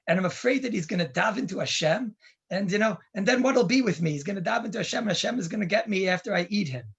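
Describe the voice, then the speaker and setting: A man voicing a hungry, indignant male lion who complains loudly, in a storytelling sermon. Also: high-pitched, fast talker, slightly rough, muffled recording, full character voice. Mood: wary. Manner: blustering, complaining.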